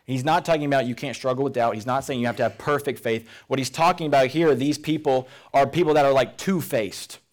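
A man preaching a sermon as pastor, earnest and emphatic, often dropping to a quiet, intense tone. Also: medium pitch, fairly even intonation, brisk, hardly any pauses. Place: church service room.

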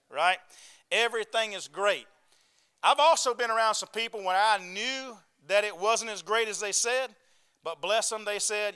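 Preacher guy, high voice, smooth and resonant, keeps asking the church "right?". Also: moderate pace, bright, forceful tone. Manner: folksy, calls for amens and asks "right?". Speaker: pastor. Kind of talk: sermon.

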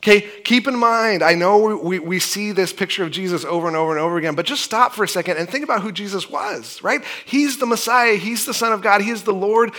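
Male pastor, conversational sermon delivery, slightly high, bright tone. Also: quick pace, hardly any pauses. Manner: conversational, animated preaching with frequent restarts and "right?".

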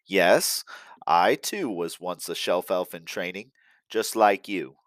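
A man doing Santa, booming and old. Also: expressive, slow pace, a bit bright, no echo, full character voice. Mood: solemn. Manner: booming, commanding.

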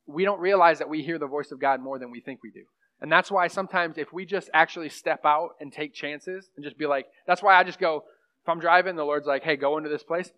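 Pushed and bright, on the high side: that's the voice of a young man teaching a class on prophecy. He preaches in a casual, rambling way, leaning on fillers and asides to the room. The recording sounds muffled and lo-fi.

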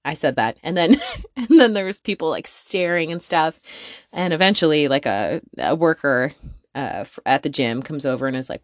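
A woman hosting a podcast from her closet, telling a story in a casual, profane, animated way and laughing often. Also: low voice, normal speed, no room sound, clean studio sound. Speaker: podcast host. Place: home closet.

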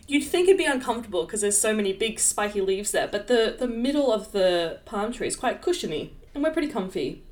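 A bubbly young woman co-hosting a podcast, chatting easily with a friend. She laughs often and keeps the talk light and playful, her voice at an ordinary middle pitch. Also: animated, fairly quick, hardly any pauses. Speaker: podcast co-host. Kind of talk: casual chat.

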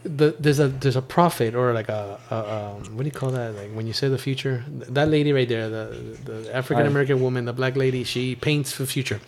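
A man hosting a podcast, retelling a show in a loose, animated way with lots of laughter. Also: medium pitch, a little fast, hardly any pauses. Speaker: podcast host. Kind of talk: casual chat.

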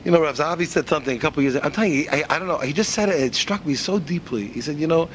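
A man giving a spoken religious lesson as an animated storyteller, repeating himself and asking rhetorical questions. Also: a little high, very fast, slight background noise. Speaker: religious teacher.

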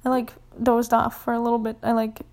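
A young woman with a fairly high voice tells a rambling casual story. She swears freely and fills every sentence with "like", and she keeps slipping into a hushed whisper. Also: monotone, a little fast. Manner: rambling, profane, full of "like"; often drops to a whisper.

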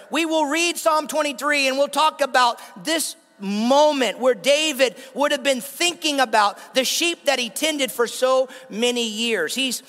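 A man's voice: very high-pitched, sharp tone. A male pastor preaching a sermon, drawing out key phrases and calling the congregation to repeat them. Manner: call-and-response preaching, stretched emphatic phrases. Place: church. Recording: long hall reverb.

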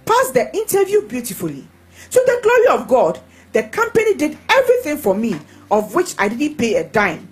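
A woman reading testimonies aloud in a lively, expressive way. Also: high-pitched, moderate pace, breathy edge, rough recording.

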